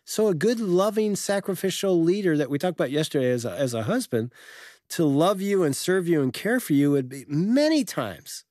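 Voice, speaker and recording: A man co-hosting a talk show with his wife, telling personal stories in an animated way. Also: a little high, normal speed, no echo, studio quality. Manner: storytelling, animated. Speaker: co-host. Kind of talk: casual chat.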